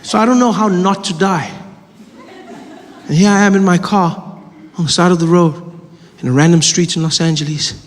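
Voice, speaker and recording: A man performing animated stand-up storytelling on a comedy stage, acting out the scenes and mocking himself. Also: high voice, moderate pace, long pauses. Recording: live comedy hall with audience noise.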